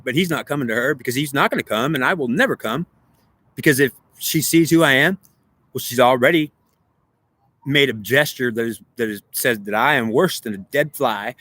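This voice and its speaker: A man's voice: medium pitch, sharp tone. A man giving a rambling spiritual monologue, repeating himself and arguing with himself in questions and answers. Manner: repetitive, circling back on his own points. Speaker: spiritual speaker.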